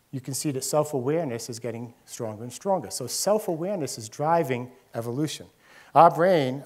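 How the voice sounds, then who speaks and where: A man giving a lecture on the brain, explaining with rhetorical questions, repeated examples and a checking "right?". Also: mid-range voice. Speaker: neuroscientist lecturer. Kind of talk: public lecture with slides. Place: lecture hall.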